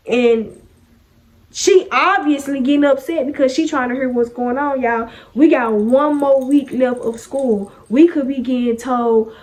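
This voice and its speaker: High-voiced young woman telling a storytime. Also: steady tone, normal speed. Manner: chatty, sassy, acts out quoted lines. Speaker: vlogger. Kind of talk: casual storytime vlog.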